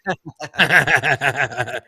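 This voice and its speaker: Bright, husky man teasing his co-host. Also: mid-range voice, very slow, dry recording. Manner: teasing, needling, laughing interjections. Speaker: podcast co-host. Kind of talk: casual comedic podcast banter.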